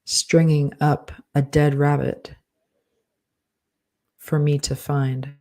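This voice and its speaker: A man's voice: a little high, little pitch movement, slow, darkish tone. A man dictating a novel aloud, speaking each comma and period as he goes. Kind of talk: dictation with punctuation spoken aloud.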